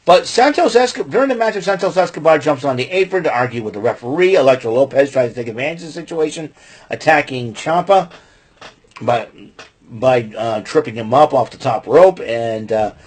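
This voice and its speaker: Excitable, rambling man with a husky voice. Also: medium pitch, brisk. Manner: excitable, rambling, jumps into loud mock quotes. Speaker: podcast host recapping wrestling. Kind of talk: casual chat.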